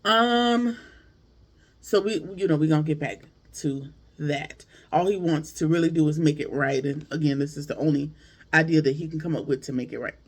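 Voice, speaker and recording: A man casually recapping a TV episode to his viewers, chatty and animated, with slangy asides and jokes. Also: a little high, moderate pace. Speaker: TV show reviewer.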